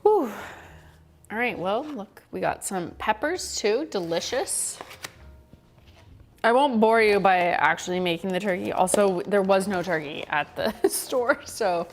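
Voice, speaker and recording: A woman's voice: mid-range voice, animated, measured pace, a little hiss or hum. A woman hosting a casual cooking livestream, chatty and giggly, swearing offhandedly as she chops vegetables. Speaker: livestream host.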